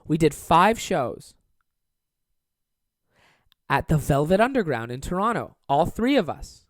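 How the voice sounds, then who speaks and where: A man's voice: a little high, sing-song, measured pace, no echo, clean studio sound. A man in his twenties hosting a podcast, talking in a rambling, profane, self-deprecating way as a stand-up comedian. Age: 20s. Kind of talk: casual solo podcast monologue.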